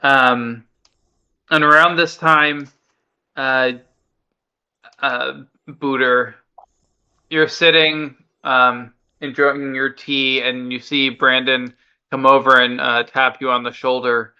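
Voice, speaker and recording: A man running a tabletop game, speaking slowly in a very bright, smooth voice, pausing often with fillers. The recording is clean-edged but somewhat dull and lo-fi. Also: medium pitch, little pitch movement. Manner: unhurried, filler-heavy, casual. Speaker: game master.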